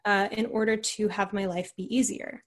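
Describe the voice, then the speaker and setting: A young woman appearing as a podcast guest tells a personal story, rambling and peppering it with "like" and "you know" in a casual, conversational way. Her voice is medium-pitched, flat, and moderately paced, with a crowd audible behind her.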